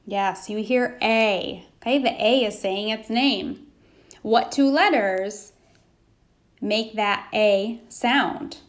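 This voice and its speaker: A woman teaching a phonics lesson to young children, pausing for answers and praising them. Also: mid-range voice. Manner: slow, patient, prompting pauses for answers.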